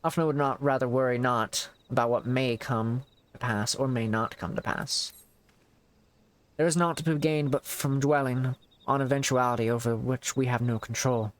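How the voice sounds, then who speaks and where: A man voicing a solemn, formal male official in a game, reading in a measured way. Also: medium pitch, steady tone, lightly acted.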